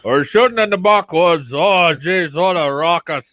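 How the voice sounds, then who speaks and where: A man's voice: fairly high pitch, measured pace, pushed and bright, dry recording, pitched above the performer's own voice. A man voicing a folksy older neighbor from Minnesota with an exaggerated Minnesota accent and drawl.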